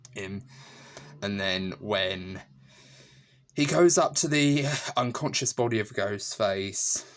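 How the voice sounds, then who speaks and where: A man with a very low, deep voice talks through a film he loved in a casual review monologue. He rambles warmly, restarting sentences and leaning on "you know." Laughter breaks in often. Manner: chatty and emotional, frequent fillers and restarts; laughs often while talking.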